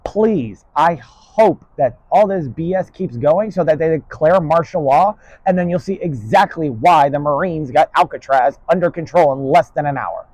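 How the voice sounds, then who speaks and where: Stern, profane male lecturer, rambling lesson delivery, voice on the higher side. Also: darkish tone, dry recording, muffled recording.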